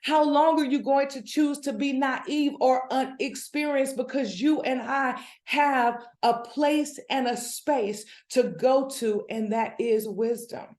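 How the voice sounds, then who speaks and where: A woman delivers a devotional Bible teaching with animated, building excitement. Her voice sits fairly high. The recording carries a noticeable room echo. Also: slow pace, hardly any pauses. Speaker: devotional speaker.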